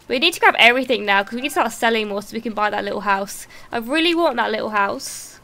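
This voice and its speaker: A woman streamer giving excitable, swearing live commentary while playing a game and thanking viewers. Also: fairly high pitch, quick pace, hardly any pauses.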